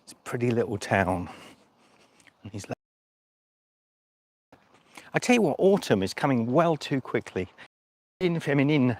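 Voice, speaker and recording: A man's mid-range, slightly mellow voice has a sing-song lilt and a measured pace, pausing often. He's a cycle-touring vlogger live-streaming from an outdoor rest stop on a phone in his hand, chatty and jokey, rambling with restarts.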